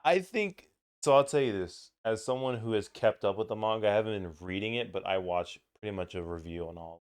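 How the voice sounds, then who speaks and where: A man's voice: on the low side, a little fast, clear, resonant tone. A young man co-hosting a podcast in casual chat, laid-back, swearing casually and laughing often. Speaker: podcast co-host.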